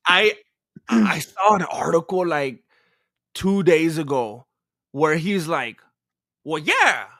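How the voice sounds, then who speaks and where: Male podcast co-host, bright and forceful voice, dry close sound, opinionated rambler. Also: fairly high pitch, takes it slowly, vocal fry, dry recording. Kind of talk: casual chat.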